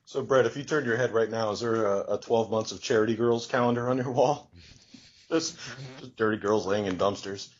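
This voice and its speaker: A man's voice: fairly low pitch, moderate pace, highs cut off. A man in a casual podcast chat, joking and laughing often. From United States.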